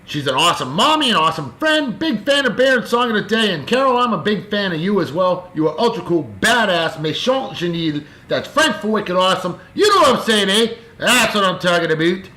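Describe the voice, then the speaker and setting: A man hosts his daily video and hands out effusive, upbeat birthday greetings. His voice sits a little high and sounds crisp and forceful. The recording rings with the echo of a bare room. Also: very animated, brisk, few pauses. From Martha's Vineyard, Massachusetts. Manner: upbeat, effusive, talks straight to friends. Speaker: host of a daily beer video. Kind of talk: casual birthday shout-outs. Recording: echoey room.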